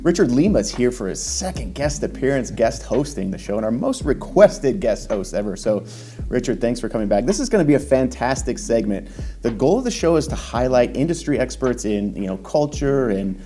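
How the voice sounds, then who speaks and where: A man's voice: mid-range voice, lively intonation, brisk, warm tone, faint music behind. A man hosting a casual talk show, joking and upbeat, teasing himself and his guest. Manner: joking, upbeat, self-deprecating. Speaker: host. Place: local talk show studio.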